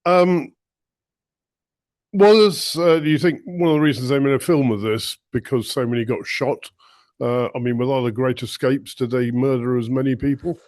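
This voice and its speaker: A man in a lecture audience asking a hesitant, halting question. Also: medium pitch, fairly even intonation, darkish tone, no room sound. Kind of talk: question from the floor. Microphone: handheld microphone passed around the audience.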